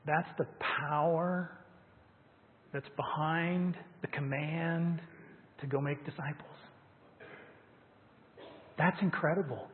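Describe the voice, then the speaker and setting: A man's voice: a little high, fairly even intonation, slow pace, pauses often, slight background noise. A man preaching a sermon as pastor, emphatic and stressing key words. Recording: tinny phone-like sound with long hall reverb.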